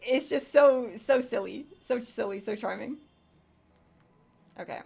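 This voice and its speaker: A woman's voice: a little high, unhurried, vocal fry, a little mellow, slightly rough. A young woman streaming a video game, chatting casually in a rambling way, with lots of fillers and casual swearing. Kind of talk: casual gameplay commentary.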